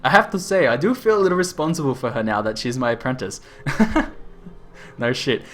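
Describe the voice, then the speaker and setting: A man's voice: mid-range voice, very animated, brisk, a bit bright. A man voicing an eccentric, reckless male scientist-inventor in an over-the-top Australian stereotype accent, reading game dialogue with a cackle. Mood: excited fussing. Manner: exaggerated, cackling quest-text reading.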